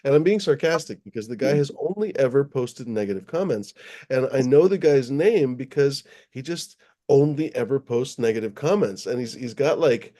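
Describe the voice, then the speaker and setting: A man hosting a livestream in a loose, rambling way, with frequent swearing and plenty of uhs. His voice is mellow and dark, at a medium pitch for a man. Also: animated, moderate pace. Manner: rambling, profane, with many fillers. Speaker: livestream host. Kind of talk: casual livestream chat.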